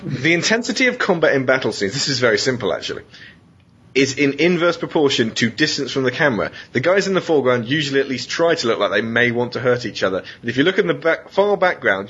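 Animated, sweary podcast host. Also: male voice, breathy edge. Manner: sweary, jokey, laughs often, does quick silly voices. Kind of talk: casual chat, reading out film clichés. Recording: dull lo-fi podcast audio with faint rumble.

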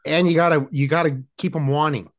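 A man co-hosting a casual podcast, making wry deadpan quips. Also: fairly high pitch, a little fast. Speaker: podcast co-host. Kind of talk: casual chat.

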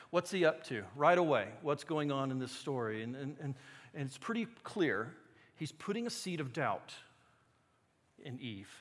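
A man's voice: mid-range voice, moderate pace. A man preaching a sermon as pastor, telling stories animatedly with asides to the congregation. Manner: animated storytelling with rising excitement and asides to the congregation. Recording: long church-hall reverb.

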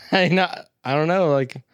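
A man's voice: a little high, a little slow, no room sound, muffled recording. A man from San Francisco co-hosting a casual movie review podcast, laughing often and teasing, swearing casually. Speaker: podcast co-host.

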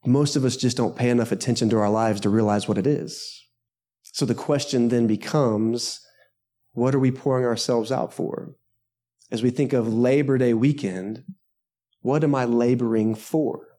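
A man's voice: medium pitch, steady tone, normal speed, dark tone. A male pastor preaching a sermon to a live congregation, conversational and joking, with self-deprecating asides. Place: church service before a live congregation.

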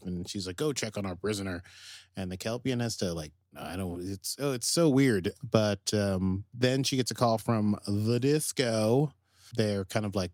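A man's voice: on the low side, darkish tone, no room sound, studio quality. A man co-hosting a podcast, casually recapping an episode in a rambling way, full of fillers and acted-out quotes. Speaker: podcast co-host.

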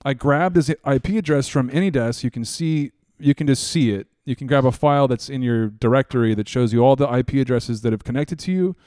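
A young man co-hosting a podcast, telling stories in casual chat. He rambles, repeats words and gets excited. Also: medium pitch, smooth, no room sound, studio quality. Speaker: podcast co-host, scam baiter.

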